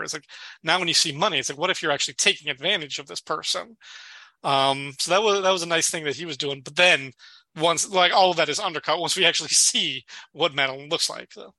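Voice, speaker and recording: A man with a very bright, forceful voice and slightly high pitch recaps a sitcom episode in casual chat. He laughs often and slips into quoted lines as he retells scenes. The sound is dry and close. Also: quick pace, dry recording. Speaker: podcast co-host.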